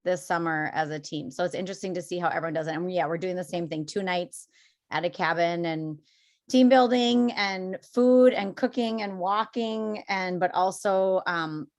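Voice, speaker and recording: A woman from Minnesota with a somewhat low voice. She hosts a relaxed podcast conversation, chatty and upbeat, moving easily from one question to the next. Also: moderate pace. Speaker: podcast host.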